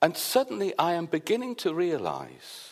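Lively, animated preaching man. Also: a little high, moderate pace. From Wales. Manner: animated storyteller, acts out the quoted voices. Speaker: pastor. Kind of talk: sermon with personal storytelling.

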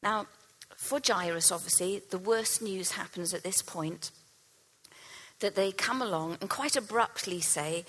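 Retelling a Bible story in a sermon, a woman speaks with earnest storytelling, her voice falling to a soft hush for key lines. She has a mid-range voice and a moderate pace, heard on a low-quality recording.

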